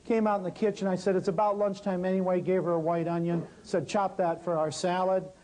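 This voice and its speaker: A man's voice: high voice, a little fast, poor audio. A man teaching a natural healing workshop, telling a story and talking straight to his audience. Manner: lively, talks straight to the audience.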